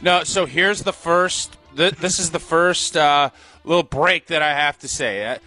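Ex-player guy on sports radio, bright highish voice, laughs a lot, opinionated. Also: unhurried, soft background music. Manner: opinionated, laughs often, animated. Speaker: radio co-host and former football player. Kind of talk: casual sports talk.

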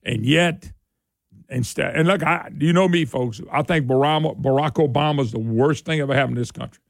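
A man's voice: medium pitch, moderate pace, vocal fry, no echo, clean studio sound. A man hosting a political talk radio show, combative, sarcastic and folksy in his delivery.

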